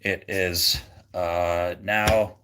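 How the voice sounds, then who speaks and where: A man's voice: deep voice, level tone, very slow, heavy background noise. A man hosting a casual livestream, rambling with lots of fillers and restarts and a jokey, goofy manner. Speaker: livestream host.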